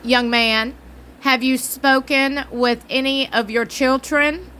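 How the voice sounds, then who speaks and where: A stern, no-nonsense older grandmother, as a woman puts her on, questioning primly. The voice is bright and forceful. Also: high voice, steady tone, takes it slowly, slight background noise, exaggerated voice.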